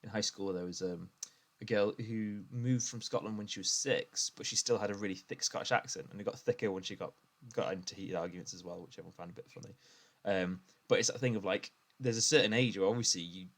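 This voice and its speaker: A man's voice: on the low side, fast talker. A man from the UK co-hosting a podcast, telling stories in casual chat and laughing often. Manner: animated storyteller, laughs often. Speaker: podcast co-host.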